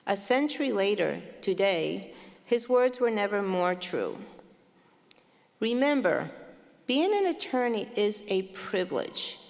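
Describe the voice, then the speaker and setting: A woman dean speaks at a graduation ceremony in a measured, formal, emphatic way. Her voice sits at a middle pitch and carries a long reverb from the large hall around her. She talks into a podium microphone. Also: big pitch swings, vocal fry. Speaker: law school dean. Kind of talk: commencement welcome speech.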